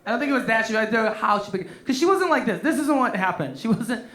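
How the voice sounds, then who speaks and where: A man's voice: extremely high pitch, animated, fast talker, fairly bright tone. A man headlining a stand-up comedy set on a club stage, talking into a handheld mic, swearing freely and laughing through his own punchlines.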